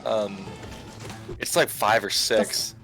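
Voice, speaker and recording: A man's voice: lowish voice, steady tone, slow pace, bright, forceful tone, soft background music. A young man in his twenties telling a funny story while playing a game, laughing often and stumbling over restarts and fillers. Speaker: game commentary co-host. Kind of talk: casual storytelling over gameplay. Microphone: remote call with screen share.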